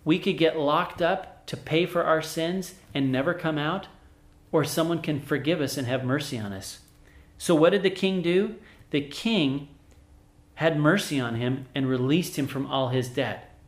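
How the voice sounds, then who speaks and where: Male preacher, fairly high voice, earnest and emphatic, reverberant room. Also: measured pace. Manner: earnest, emphatic storytelling with rhetorical questions. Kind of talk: sermon.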